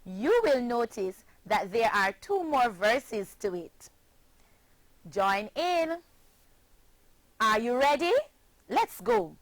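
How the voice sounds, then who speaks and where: A woman from Jamaica teaching a pronunciation lesson, speaking clearly and deliberately and spelling words letter by letter. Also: a little high, sing-song, no room sound. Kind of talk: slow classroom pronunciation lesson.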